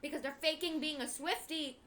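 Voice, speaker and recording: A woman's voice: high-pitched, fairly quick, a bit bright, a little hiss or hum. A young woman interjecting off camera with chatty, rambling asides. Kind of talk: casual chat.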